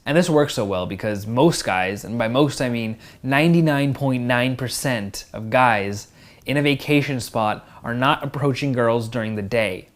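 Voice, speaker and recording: A young man hosting a casual question-and-answer, reading viewer questions aloud and answering them frankly and directly. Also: mid-range voice. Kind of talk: casual Q&A advice.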